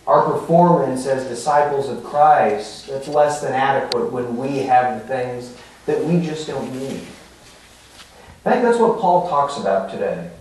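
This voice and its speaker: A man's voice: mid-range voice, expressive, unhurried, a little mellow, slight background noise. Pastor, male, casual sermon delivery, heard from afar in a very echoey sanctuary. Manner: conversational teaching, with fillers and rhetorical asides. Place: church sanctuary. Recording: echoey hall from far off.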